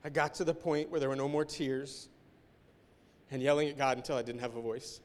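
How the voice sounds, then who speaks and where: A man preaching a sermon as a pastor, emotional, moving between hushed, near-whispered passages and forceful climaxes. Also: mid-range voice, steady tone, brisk, long reverb tail.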